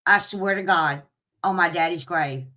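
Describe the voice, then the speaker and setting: Woman, bright clear voice, casual storytelling, animated, swears a lot. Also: fairly low pitch, moderate pace. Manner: animated, swears freely, laughs at herself. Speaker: streamer talking to live chat.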